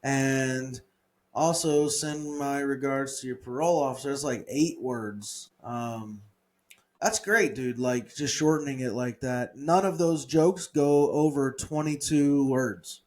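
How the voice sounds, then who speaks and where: A man co-hosting a comedy podcast, workshopping his own jokes in casual chat and reading lines in an animated voice. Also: mid-range voice, slow. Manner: reads joke lines in a raised, animated voice; laughs easily, thinks aloud.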